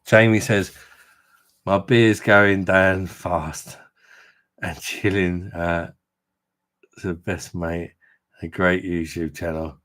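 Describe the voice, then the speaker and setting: A man's voice: sits low, fairly even intonation, slow, pauses often, fairly bright tone. A man hosting a casual beer livestream, bantering and reading out viewer comments from his room at home. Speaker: beer review livestream host.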